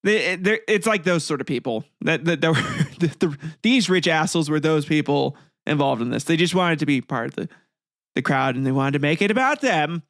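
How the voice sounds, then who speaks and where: A man's voice: a little high, expressive, moderate pace, a bit bright, no room sound, clean studio sound. A man hosting a comedic history podcast, reading old text aloud and breaking off into rambling, swearing asides with frequent laughter. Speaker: podcast host.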